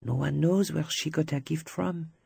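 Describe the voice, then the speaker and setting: A narrator voicing a confused, gentle wounded young French soldier in an audiobook, speaking softly and drifting, often near a whisper. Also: mid-range voice, moderate pace, gravelly, slightly rough, no echo, clean studio sound, heavily acted. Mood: dreamy.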